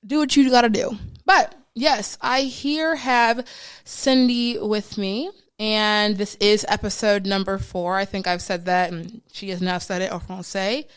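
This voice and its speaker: A woman's voice: medium pitch, fairly even intonation, a little slow, clean tone. A woman hosting a podcast in a studio, chatting casually with playful, dramatic hype and slang. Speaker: podcast host. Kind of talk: casual chat.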